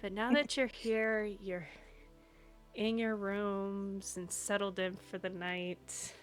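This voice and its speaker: A woman narrating as game master, setting scenes slowly and patiently for her players. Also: mid-range voice, fairly even intonation, faint music behind.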